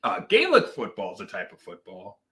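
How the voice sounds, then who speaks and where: A man's voice: lowish voice, wildly swooping pitch, brisk, bright, forceful tone. A man co-hosting a casual whisky tasting chat, chatty and rambling, laughing often. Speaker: whisky review show co-host.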